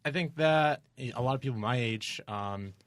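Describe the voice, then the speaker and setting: Young man, twenties, podcast panelist, measured and thoughtful. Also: mid-range voice, a bit bright, no room sound, studio quality. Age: 20s. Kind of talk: casual podcast discussion.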